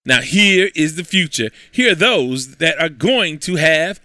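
A man's voice: fairly high pitch, expressive, a little slow, pushed and bright, no room sound. A man hosting a sports talk show, breezily recapping his weekly football picks with self-assured ease. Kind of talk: casual sports talk with predictions.

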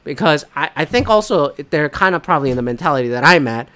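A man's voice: fairly high pitch, animated, fast talker, sharp tone, clear, resonant tone. A man co-hosting a podcast, ranting in a casual, heated way, swearing often and rambling as he talks. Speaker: podcast co-host. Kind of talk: casual sports rant.

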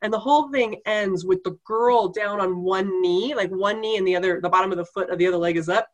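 A woman tells a story in an easygoing back-and-forth, breaking into laughter again and again. Her voice sits at a middle pitch for a woman, neither high nor low. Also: fairly quick, muffled recording. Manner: animated, laughing often while telling the story. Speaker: guest telling a story. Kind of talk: casual anecdote in conversation.

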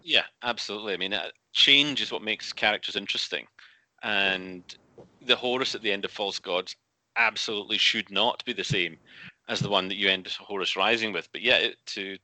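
Guest author, male, low-pitched and sharp-toned, chatty and animated. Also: a little fast, no echo. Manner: animated, restarts often, acts out quotes. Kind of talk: casual interview chat.

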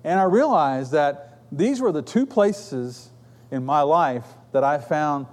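A man's voice: fairly high pitch, animated, takes it slowly, a little mellow. A middle-aged man preaching a sermon, telling stories in an earnest, conversational way.

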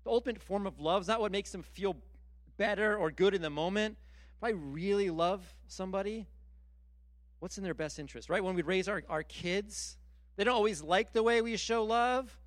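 A middle-aged man delivers a sermon in a high, light voice. He talks with animated emphasis, stacking repeated words and restarts as he presses each point. The sound is dry and close, with little room around it. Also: moderate pace, dry recording. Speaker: pastor.

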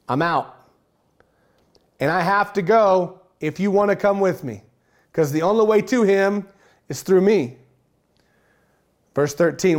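A man's voice: a little high, measured pace, pauses often, a little mellow. A man preaching a sermon, reading scripture and repeating key phrases for emphasis with casual, folksy asides.

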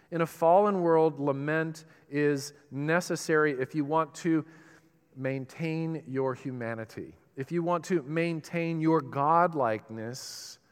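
Impassioned pastor preaching in a reverberant hall. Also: male voice, on the high side, clean tone. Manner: impassioned preaching, swinging between loud emphatic bursts and soft, slow lines. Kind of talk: sermon.

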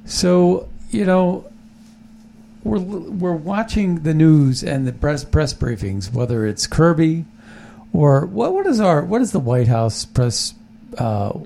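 A man's voice: on the high side, sing-song, slow pace, vocal fry, mellow, a little hiss or hum. A man hosting a talk show, chatting casually and opinionatedly about politics, rambling with many restarts. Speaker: podcast host.

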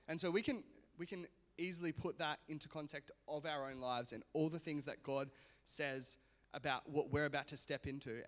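A man's voice: a little high, fairly bright tone. A man giving a casual sermon, chatty and self-mocking, laughing often as he tells a personal story. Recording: long reverb of a hall.

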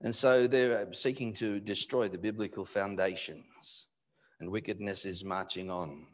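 A male pastor giving a live sermon in church, moving between loud emphatic bursts and low, quiet asides. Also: steady tone, a little slow. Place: church hall.

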